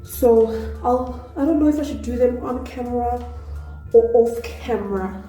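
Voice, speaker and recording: A woman from South Africa hams up a Nigerian accent as she talks through a makeup tutorial, chatty and quick to poke fun at herself. Her voice sits a little high but stays mellow and warm. It is recorded in an echoey room with faint music underneath. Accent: put-on Nigerian. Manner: chatty, excitable, self-deprecating. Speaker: beauty vlogger.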